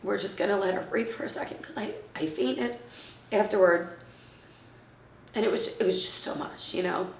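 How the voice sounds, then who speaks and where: A woman in her thirties telling an emotional personal story in an interview, acting out what others said and often dropping to a hushed near-whisper. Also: medium pitch, moderate pace, gravelly, pauses often, a little hiss or hum. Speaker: interviewee, mother of premature twins. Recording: roomy, from a distance.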